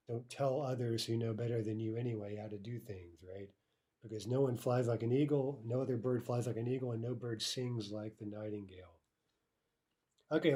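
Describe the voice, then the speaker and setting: A man's voice: mid-range voice, mellow. A man teaching a language lesson, explaining grammar step by step with a patient manner and frequent checks like "right?" and "okay".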